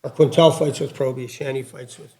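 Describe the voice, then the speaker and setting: A middle-aged man and former hockey player, co-hosting a podcast and telling a story in a casual, animated way, swearing and acting out dialogue. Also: medium pitch, fairly quick, over a noisy crowd.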